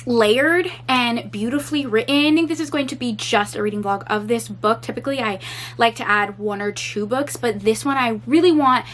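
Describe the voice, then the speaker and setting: A woman's voice: fairly high pitch, normal speed, fairly bright tone. A woman book reviewer talking in a casual reading vlog, chatty and heartfelt, with lots of "like" fillers.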